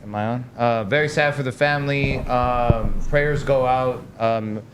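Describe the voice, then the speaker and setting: Man, podcast panelist, dry quips, mid-pitched voice, faint hiss. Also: a little slow. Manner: dry asides, reads comments. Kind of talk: casual podcast chat.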